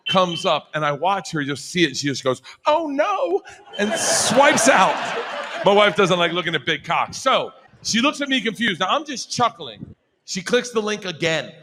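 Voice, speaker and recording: A male comedian telling a story on stage, laughing through it and building to shouts. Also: on the high side, background noise. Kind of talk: stand-up storytelling.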